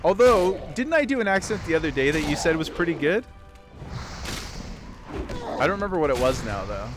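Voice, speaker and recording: A man's voice: fairly high pitch, sing-song, fairly quick, music in the background. Rambling male streamer chatting with viewers. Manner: rambling, restarts sentences, talks to chat. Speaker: livestreamer. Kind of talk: casual chat with viewers while gaming.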